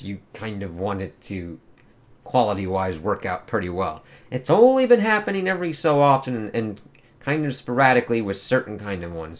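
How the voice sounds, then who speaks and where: A man giving a casual, profane comic book review, talking loosely with lots of fillers. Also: on the low side.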